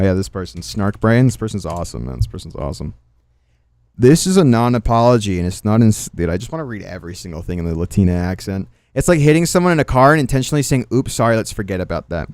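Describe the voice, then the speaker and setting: A male streamer with a low, darkish voice comments on drama and reads chat, tossing out sarcastic asides, swearing freely, and trailing off into mutters. There's no echo.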